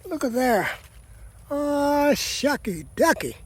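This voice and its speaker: Walking his vegetable garden for a relaxed vlog, this man talks to viewers at a slow pace in an extremely high voice that swings widely in pitch. His chat is folksy, and he keeps calling them "people."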